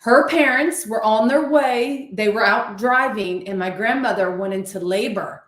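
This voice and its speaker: A woman's voice: on the high side, a little slow, a bit bright, reverberant. A woman from Ohio with a Southern US accent, co-hosting a casual chat and telling family stories. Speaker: co-host.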